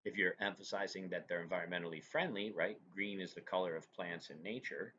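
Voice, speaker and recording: A man's voice: deep voice, steady tone, a little fast, sharp tone. A man teaching a lecture, explaining terms step by step and often checking in with "right?". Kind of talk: recorded classroom lecture. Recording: dull lo-fi recording with faint noise.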